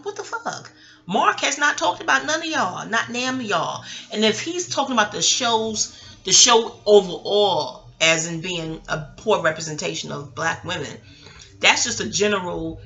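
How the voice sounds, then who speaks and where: Blunt, chatty woman with a bright voice. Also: mid-range voice, creaky. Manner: blunt, frequent swearing; rambling, chatty asides. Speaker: vlogger. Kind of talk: casual monologue.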